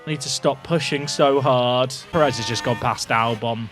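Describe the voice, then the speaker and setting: A young man live-streaming a racing game, excitable and jokey, shouting at the screen between commentary. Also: mid-range voice, normal speed, faint music behind.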